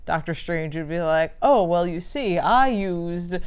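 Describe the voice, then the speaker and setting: A woman in casual chat about a comic book, quick to poke at the plot's logic. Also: lowish voice, animated, darkish tone, clear, resonant tone. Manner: chatty, quick to question plot logic. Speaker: comic podcast co-host.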